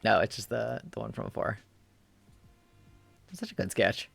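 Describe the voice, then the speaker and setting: A streamer casually commenting while playing a story game, in a rambling, low-key way. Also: steady tone, normal speed, creaky, fairly bright tone, husky, faint music behind.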